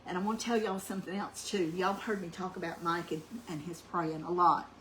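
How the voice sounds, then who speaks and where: A middle-aged woman telling a heartfelt personal story in a soft, meandering way, full of ums, growing louder when she gets excited. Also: fairly low pitch, a little fast, a little hiss or hum, rough recording. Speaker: cooking channel host.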